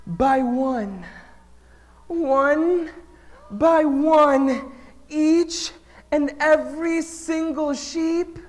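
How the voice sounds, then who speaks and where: An animated man giving a storytelling talk to children. He keeps turning to the kids with questions and swings from loud to hushed. His voice sits fairly high for a man. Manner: engages the audience with questions. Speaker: speaker at a children's event.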